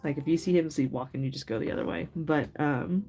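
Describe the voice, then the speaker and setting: A woman's voice: low-pitched, a little fast, background noise. A middle-aged woman hosting a craft livestream, chatting casually with viewers, laughing often and telling loose stories full of fillers. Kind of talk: casual chat with live viewers. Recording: faint music behind.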